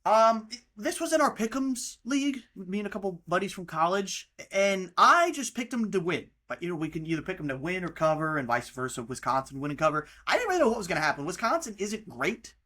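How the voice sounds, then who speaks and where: A man's voice: high voice, big pitch swings, brisk, few pauses, sharp tone. A young American man in his twenties hosting a casual podcast, ranting heatedly about college football and mocking teams with plenty of swearing. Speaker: podcast host. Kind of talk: casual sports rant.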